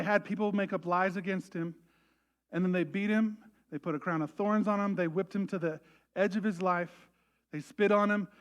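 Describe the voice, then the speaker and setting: A man preaching a sermon as pastor, animated and acting out quoted voices to a congregation. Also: high-pitched, smooth. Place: church service.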